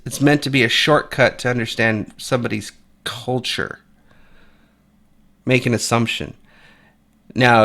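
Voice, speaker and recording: A man's voice: mid-range voice, vocal fry, pushed and bright. A man giving blunt, profane, opinionated commentary, rambling with frequent restarts. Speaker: commentary channel host.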